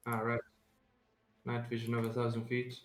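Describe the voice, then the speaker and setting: A man running an online tabletop game as game master, pausing often with fillers. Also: mid-range voice, monotone, reverberant, a little hiss or hum. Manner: hesitant, many filler pauses.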